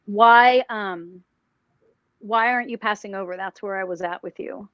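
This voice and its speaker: Woman psychic, live paranormal show, halting, questioning, mid-pitched, dry dull audio. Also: no room sound. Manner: halting, many restarts, questioning. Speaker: psychic, remote viewer.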